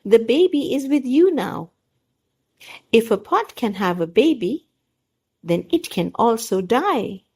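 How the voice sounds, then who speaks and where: A woman reading the part of a sly, calm neighbour in a storybook, speaking in a sweet, matter-of-fact manner. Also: a little high, slow, long pauses, husky, pitched above the performer's own voice, heavily acted.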